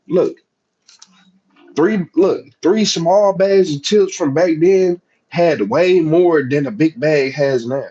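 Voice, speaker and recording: Through a muffled recording, a Southern-accented man who grew up in the US chats easily and directly with his livestream viewers. His voice is fairly high and a little mellow.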